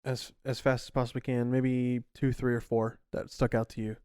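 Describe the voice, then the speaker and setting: A young man co-hosting a podcast, breaking down sports trades in relaxed, slangy chat. His voice sits at a middle pitch. The recording is close and dry. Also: normal speed, clear, resonant tone, no echo. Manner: chatty sports talk, laid-back with slang. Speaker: podcast co-host. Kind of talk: casual chat.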